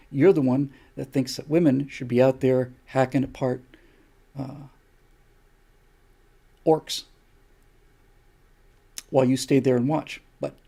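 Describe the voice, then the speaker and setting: A man's voice: mid-range voice, vocal fry, warm tone, slightly rough. An older man hosting a live stream, giving an opinion monologue in a lecturing way, firing off rhetorical questions.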